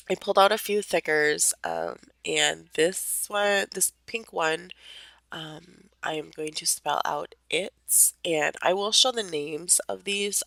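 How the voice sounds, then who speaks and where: Young female crafter narrating at home; a gravelly, allergy-worn voice, laid-back and rambling, recorded dry. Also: deep voice, a bit bright, no echo. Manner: rambling, many fillers, light laughs. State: voice a bit off from allergies. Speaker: crafter narrating her process video. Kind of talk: casual voice-over narration.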